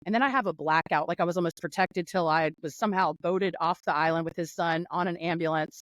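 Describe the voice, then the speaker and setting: Speaking with a lowish voice, this woman from North Carolina rambles animatedly through a lengthy story, laughing and restarting often. She's an interview guest on a casual video call, and the poorly recorded audio carries no room sound.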